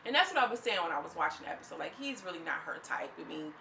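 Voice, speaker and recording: A woman reviewing a reality show in a casual vlog, animated and slangy, with plenty of commentary. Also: fairly low pitch, racing, vocal fry, slight background noise. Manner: animated and slangy, acts out quotes in mocking voices. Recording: echoey room.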